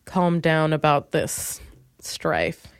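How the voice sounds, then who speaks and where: Very animated yet very slow and smooth, a woman in her twenties from Minnesota delivers a solo comedy podcast monologue in clean studio sound with no room noise. As host, she rambles self-deprecatingly, moving from mumbles to loud bursts.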